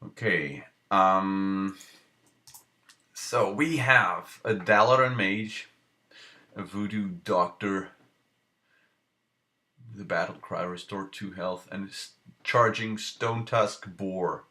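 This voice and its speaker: A man streaming live, thinking aloud over card game picks with halting restarts and playful self-mocking jokes. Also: low-pitched, pushed and bright.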